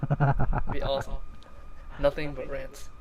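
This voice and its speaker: A young man co-hosting a casual gaming podcast, relaxed, rambling and jokey. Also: mid-range voice, normal speed, breathy edge, poor audio. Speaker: podcast co-host.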